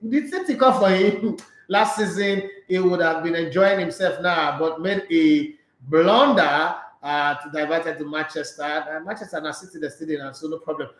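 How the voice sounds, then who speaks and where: A man with a Nigerian accent hosting a sports show, chatting casually with his live viewers in a playful, jokey, talkative way. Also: high-pitched. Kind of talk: casual live-stream chat reading viewer comments. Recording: echoey room sound.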